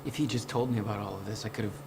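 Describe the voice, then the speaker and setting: A haunted young video game hero who talks in a low, heavily gravelly voice. His lines are weary and guarded. The game audio carries a clear layer of noise. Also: fairly even intonation, rapid-fire, a little mellow. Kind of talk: game dialogue. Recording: game audio under a stream, noisy.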